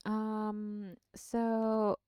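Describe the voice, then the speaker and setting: A woman's voice: mid-range voice, completely flat delivery, very slow, mellow, clean tone, no echo. A woman, not a native English speaker, reading a storybook aloud and chatting on a live stream in a chatty, self-deprecating way. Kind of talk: book reading and casual chat on a live stream.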